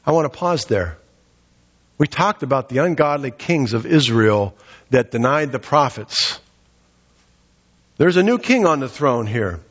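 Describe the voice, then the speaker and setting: A man's voice: mid-range voice, animated, unhurried, long pauses, husky. A man preaching a sermon, reading a scripture passage aloud and explaining it earnestly. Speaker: pastor. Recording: dull lo-fi sound with long hall reverb.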